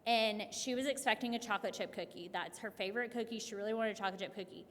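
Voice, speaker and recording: A woman's voice: medium pitch, fast, a little hiss or hum. Woman speaking in a reverberant hall. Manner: conversational, animated storytelling with many restarts and "like". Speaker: clinician speaking at a family workshop. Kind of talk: workshop talk with storytelling. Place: event hall.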